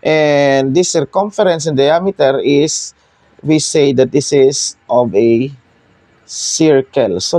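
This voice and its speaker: Filipino male math teacher, young adult, mellow voice, patient step-by-step explainer. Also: mid-range voice, creaky, dry recording. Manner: code-switching, explaining step by step with pauses. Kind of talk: whiteboard math lesson.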